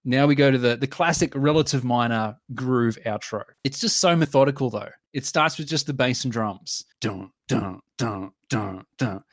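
A man's voice: medium pitch, moderate pace, few pauses, dry recording, studio quality. A man co-hosting a casual music review podcast, enthusiastic, humming and singing bits of songs as he talks. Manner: enthusiastic, sings and hums musical lines. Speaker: podcast co-host.

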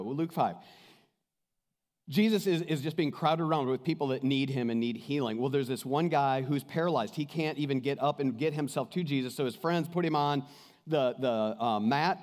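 A man preaching a sermon as pastor, telling stories with energy and acting out the people he quotes. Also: fairly high pitch. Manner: animated storytelling, acts out quoted voices. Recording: reverberant hall.

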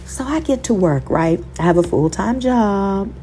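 A woman's voice: medium pitch, animated, measured pace, mellow, a little hiss or hum. A woman podcast host telling an emotional, faith-filled personal story, talking to listeners as y'all and quoting scripture in a sermon cadence.

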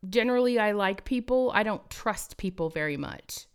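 A woman speaking in a dry, measured way in a casual group chat. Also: mid-range voice, animated, clean tone.

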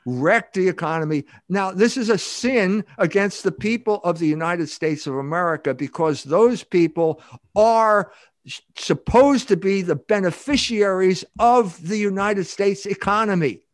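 Emphatic older man, fairly high voice. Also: a little slow, no room sound, studio quality. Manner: emphatic, rambling with restarts. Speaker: guest author. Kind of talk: podcast interview.

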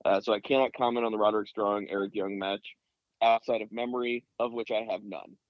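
A man's voice: on the low side, steady tone, brisk, no echo, highs cut off. A man co-hosting a casual podcast with wry, crude humor. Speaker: podcast co-host.

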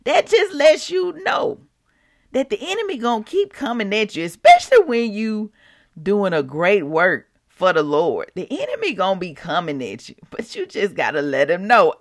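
A woman's voice: mid-range voice, big pitch swings, normal speed. A woman hosting a prayer podcast, preaching in a casual, chatty way. She laughs often and acts out scripture scenes.

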